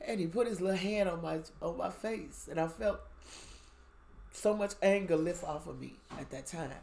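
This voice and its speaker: A woman sharing a candid spiritual reflection, telling her story emphatically with sudden bursts of loudness. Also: on the low side, moderate pace, creaky, a little hiss or hum. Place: outdoors.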